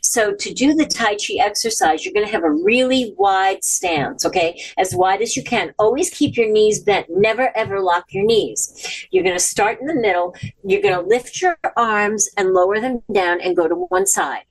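A woman leads a casual home livestream, talking to her viewers in a chatty, encouraging way. She slows down and lingers when she paints a picture for them. Her voice sits at an ordinary pitch and sounds dry and close. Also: sing-song, creaky, dry recording. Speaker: wellness host. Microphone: device camera.

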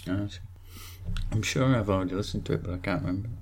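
A man co-hosting a podcast in casual chat, deadpan and grumbly. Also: on the low side, rapid-fire, slight background noise. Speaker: podcast co-host.

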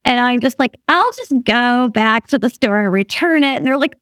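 Her voice fairly high and her pace moderate with few pauses, a fifty-something woman guest recounts a story during a casual chat. She keeps laughing and animatedly imitates what others said, all on a dry, studio-quality recording.

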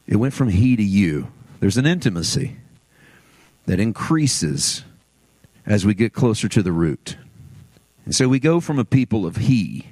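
A man preaching a sermon as pastor, swinging between loud, emphatic passages and low, slow, careful scripture reading. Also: very animated. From United States.

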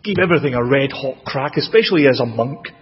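A man with a Scottish accent preaching a sermon, expressive, with dramatic rises in pitch and volume. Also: fast talker. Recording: dull, lo-fi with long hall reverb.

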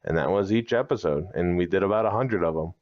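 A man, a comedian guest on a podcast, chatting casually with deadpan, mock-serious jokes. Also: deep voice, fast talker, no room sound, lo-fi sound.

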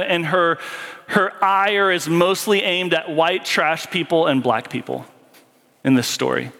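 A man delivers a sermon in a church hall, his voice a little higher than most men's. He slows down sharply on key phrases, sometimes falling almost to a murmur. A long reverb trails every line. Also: pushed and bright. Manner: preaching with sudden slow, emphatic drops. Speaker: pastor.

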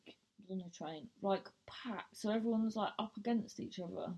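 A woman's voice: mid-range voice, animated, a little fast, few pauses, slightly rough. A young woman, hosting a podcast and telling stories in a casual, chatty way, swearing freely. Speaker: podcast host. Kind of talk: casual solo chat.

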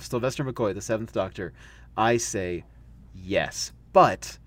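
A young American man co-hosting a casual podcast chat. His pitch leaps around as he talks, and he laughs often, slipping into little impressions of the people he describes. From United States. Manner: animated, laughs often, acts out quoted voices. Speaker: podcast co-host.

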